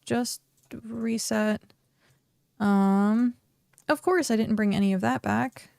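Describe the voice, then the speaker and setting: A woman's voice: on the high side, fairly even intonation, slow, creaky, a little mellow, no echo, clean studio sound. A woman streaming a game, chatting casually, talking to herself and reading chat aloud. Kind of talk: casual live-stream chat while gaming.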